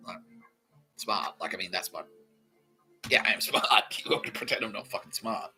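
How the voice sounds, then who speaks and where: A man's voice: lowish voice, moderate pace, pauses often, pushed and bright, faint music behind, low-quality recording. A man, hosting a podcast and telling a rambling, sweary comedic story while laughing at his own jokes. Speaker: podcast host.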